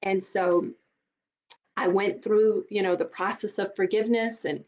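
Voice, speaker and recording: A woman's voice: mid-range voice, fairly even intonation, unhurried, a little mellow. A middle-aged woman coach giving an earnest, emphatic motivational talk, often repeating words for stress. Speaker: divorce coach.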